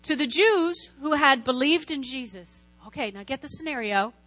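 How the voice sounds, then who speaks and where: A woman with a high, bright voice delivers a sermon, lively and calling out to her listeners for answers. A faint mains hum sits under the recording. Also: normal speed, faint music behind. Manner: lively, lots of call-and-response. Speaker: Christian teacher preaching.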